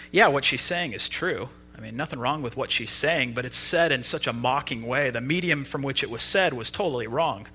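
A young adult man preaching a sermon, retelling a story in a casual, lively way. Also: medium pitch, slightly rough.

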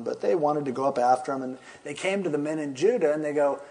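A pastor teaching a Bible passage in an easygoing, conversational way, retelling the story with humorous asides. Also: male voice, on the high side, quick pace, dark tone.

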